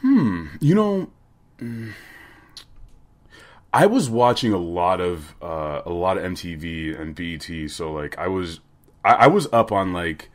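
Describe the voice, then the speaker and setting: A man hosting a podcast, chatting casually in a loose, excitable, joking way. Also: low voice, unhurried. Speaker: podcast host.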